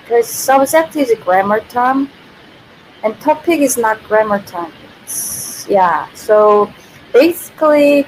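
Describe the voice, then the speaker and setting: Young Korean woman, Korean-accented English, chatty livestream teacher; unhurried delivery, faint hiss from a built-in mic. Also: on the high side, rough recording. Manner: chatty, laughs often, reads viewer comments. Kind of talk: casual livestream lesson. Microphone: built-in computer mic.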